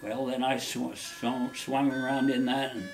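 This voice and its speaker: A man's voice: medium pitch, level tone, unhurried, music in the background. A man being interviewed, telling a personal story in a rambling, folksy way with many restarts.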